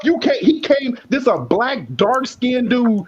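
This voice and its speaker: A fairly high-pitched man rants in a heated, profane, boastful way. He talks loosely as a panelist on a live stream. The audio is dull and lo-fi. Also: very animated, takes it slowly, breathy edge. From South Side of Chicago. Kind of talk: casual chat, ranting.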